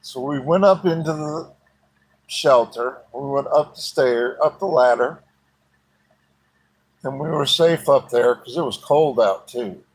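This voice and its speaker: Man telling his own story in a folksy, plain-spoken way, unhurried, with a husky voice. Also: mid-range voice, low-quality recording.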